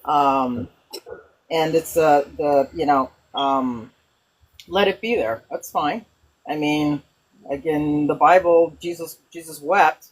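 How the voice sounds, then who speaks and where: A woman hosting a spiritual conversation who tells stories in an animated way, with frequent restarts. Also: deep voice, husky, low-quality recording. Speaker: host.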